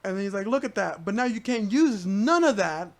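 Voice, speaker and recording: A young man as a podcast guest, chatting casually in a halting, rambling way full of "like" and "dude.". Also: sits high, expressive. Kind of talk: casual chat.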